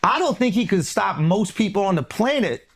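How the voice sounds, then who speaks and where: A man's voice: high voice, sing-song, moderate pace, fairly bright tone, a little hiss or hum. A man joking crudely and laughing with co-hosts.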